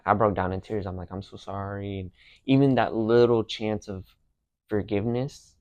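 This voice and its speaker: A man's voice: fairly low pitch, steady tone, moderate pace, a little mellow, no echo. A young man hosting a podcast, telling personal stories in a casual, slangy way. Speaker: podcast host.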